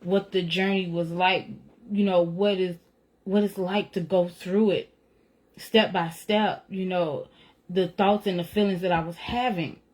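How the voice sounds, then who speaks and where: Woman, slightly low voice, earnest conversational faith testimony, reflective and personal. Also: steady tone, a little slow, darkish tone. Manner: earnest, conversational, often says "right?" and "you know"; reflective, retelling feelings with rising emotion. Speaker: author sharing a personal testimony. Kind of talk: casual faith talk.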